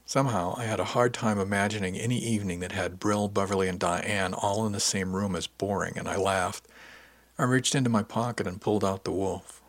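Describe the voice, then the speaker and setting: A man's voice: fairly low pitch, steady tone, a little fast, no echo. A man narrating a first-person audiobook in an easygoing, conversational way.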